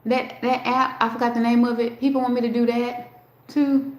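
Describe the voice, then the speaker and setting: A woman's voice: on the high side, level tone, moderate pace. Chatty woman livestreaming in an echoey room. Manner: rambling, talks straight to her chat, swears freely. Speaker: livestream host. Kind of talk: casual live-stream chat. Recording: roomy echo.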